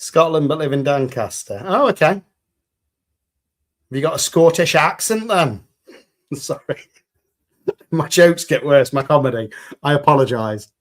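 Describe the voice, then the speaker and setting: On his resin crafting livestream, a man from the United Kingdom jokes around with viewers and reads their comments in a relaxed, cheerful chat. He speaks at a normal speed in a fairly high, animated voice.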